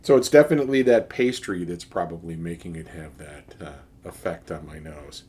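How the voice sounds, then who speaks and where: Casting note: man with a low, husky voice, host of an enthusiastic casual tasting vlog. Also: normal speed, a little mellow. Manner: enthusiastic, with frequent fillers and restarts. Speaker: beer reviewer.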